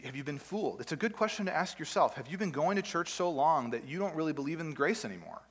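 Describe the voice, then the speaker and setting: Male pastor, slightly high voice, conversational preaching full of rhetorical questions, long hall reverb. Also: fairly bright tone. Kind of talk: sermon. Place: church meeting room.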